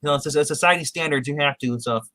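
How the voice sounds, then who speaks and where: A man's voice: fairly high pitch, rapid-fire, sharp tone, no echo. A man on a podcast casually recapping a TV episode, rambling with many restarts and acting out quotes. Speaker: podcast co-host.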